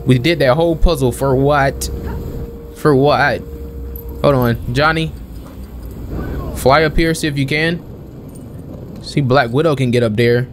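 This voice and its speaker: A young man giving casual let's-play commentary as a gaming channel host, chatting and questioning the game out loud. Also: mid-range voice, unhurried, pauses often, a little hiss or hum. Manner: chatty, questions the game aloud, calls everyone bro.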